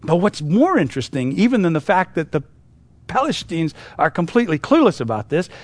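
A man's voice: fairly high pitch, sing-song, a little fast, no room sound. A man teaching through a Bible passage in a casual, conversational way, with lots of asides and restarts.

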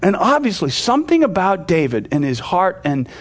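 A man's voice: sits high, normal speed. Rambling, conversational male Bible teacher. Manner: informal and rambling, full of "you know" and restarts; animated when retelling a story. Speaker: pastor.

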